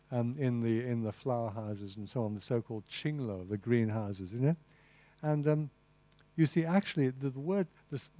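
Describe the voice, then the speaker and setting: Rambling enthusiastic male lecturer, dark voice. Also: medium pitch, no room sound. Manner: rambling, enthusiastic, with asides to the audience; frequent restarts and "you see". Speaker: lecturer on translation. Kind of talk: master class lecture. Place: lecture room.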